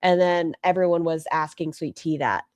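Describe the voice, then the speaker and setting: A woman's voice: fairly low pitch, fairly even intonation, normal speed, a little mellow, no echo. A woman giving casual, opinionated commentary on online drama, thinking aloud.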